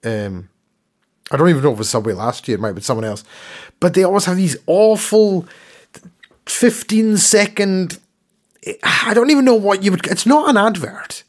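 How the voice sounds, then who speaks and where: Male podcast co-host, higher register, casual ranting chat. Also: lively intonation, moderate pace. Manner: ranting, repeats words when worked up.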